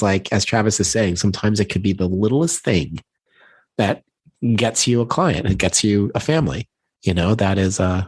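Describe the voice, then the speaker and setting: A man with a somewhat low, husky voice talks emphatically and with enthusiasm in a casual podcast chat. He presses his points as a co-host offering practical advice.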